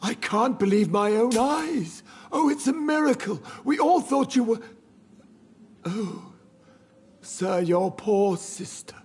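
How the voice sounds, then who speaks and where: An actor playing a loyal, anxious household servant who speaks formally and deferentially, in video game dialogue. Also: male voice, high voice, animated, slow, breathy edge, exaggerated voice. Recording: game audio with faint music.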